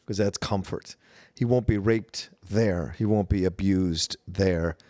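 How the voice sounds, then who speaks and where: Low-voiced man arguing his take. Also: slow, dark tone, no echo. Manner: emphatic, pointed opinions. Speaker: podcast guest. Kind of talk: casual film discussion.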